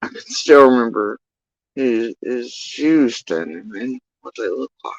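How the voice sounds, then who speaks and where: A man telling an emotional personal account, halting and swearing often as he recounts what happened. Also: mid-range voice, animated, lo-fi sound. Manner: profane, halting, emotional retelling. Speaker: witness recounting events.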